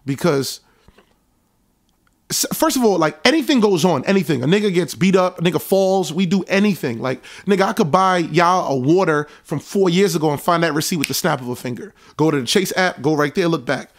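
A young man, casually recounting events in an animated storytelling monologue. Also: on the high side, fairly quick. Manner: animated, reenacts conversations in a raised voice. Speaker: show host recounting events.

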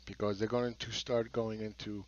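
A man's voice: fairly low pitch, flat delivery, normal speed, dull audio. A man giving a blunt market commentary monologue, sarcastic and swearing, who mocks other people's views. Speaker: market analyst.

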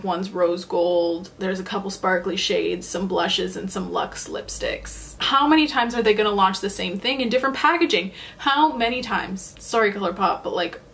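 A woman's voice: mid-range voice, a bit bright. A young woman beauty vlogger talking to camera in a candid, sassy, chatty way. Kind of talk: casual to-camera chat.

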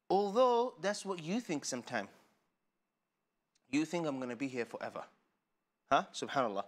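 Man, children's TV teacher, high-ish lively voice, playful and chatty, laughs a lot. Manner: animated, playful, laughing often, asks rhetorical questions. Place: studio.

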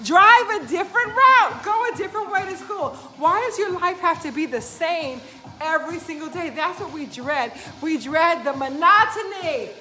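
A woman fitness coach giving an energetic motivational pep talk to her live viewers, preachy and repeating "right?" again and again, with music playing behind her. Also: very high voice, normal speed.

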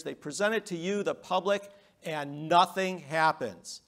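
A middle-aged man from the United States gives a public lecture in a fairly high-pitched voice. He is emphatic, asking rhetorical questions and swinging between loud and quiet.

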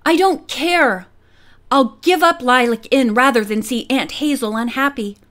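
Lady reading a fiery young bride-to-be, high voice, all worked up, storybook style. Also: measured pace, a bit bright. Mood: indignant. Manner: outraged, emphatic. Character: hot-tempered young bride-to-be.

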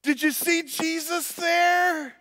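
A man's voice: steady tone, slow, pushed and bright, no echo, full character voice. A man voicing an amazed four-year-old girl asking her father questions. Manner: shrill, squealing questions.

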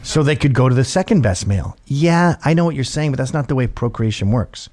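A middle-aged man hosts a show, telling a rambling comic story in a loose, profane way. His pitch swings widely as he talks, and he now and then jumps into a high squeal to mimic someone. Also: animated, a little fast, darkish tone. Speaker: show host. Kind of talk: casual comedic storytelling.

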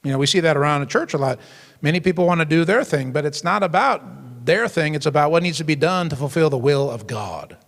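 A man's voice: fairly high pitch, animated, a little fast, vocal fry, a bit bright, in a large hall. A male pastor preaching to a youth group, emphatic, with frequent call-and-response asides. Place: church hall.

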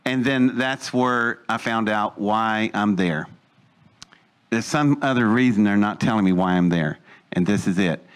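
A man's voice: fairly low pitch, a little slow, clear, resonant tone. A man telling a personal story in casual speech, acting out the voices he quotes and laughing as he goes. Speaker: storyteller recounting his own experience.

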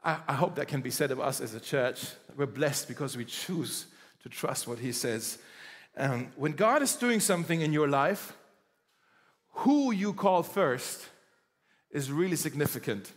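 A male pastor preaching a sermon in a conversational, animated way, acting out quoted dialogue. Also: on the high side, unhurried, big-room sound. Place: church.

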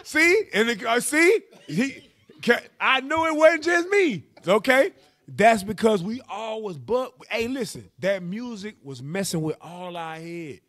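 A man teaching a Bible class in a lively, playful preaching style, drawing responses from the room. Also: sits high, unhurried. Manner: animated, playful, calls on readers with "go ahead".

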